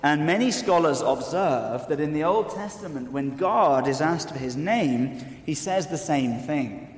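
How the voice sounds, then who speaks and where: A man's voice: a little high, lively intonation, unhurried. A man preaching a sermon, earnest and explanatory with wry asides. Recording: echoey hall with long reverb.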